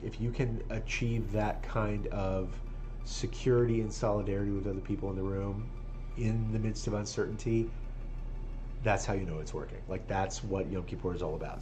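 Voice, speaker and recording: Earnest low-voiced man, laughing often. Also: dark tone, a little hiss or hum. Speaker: rabbi, streamer. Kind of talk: casual live-stream chat while gaming.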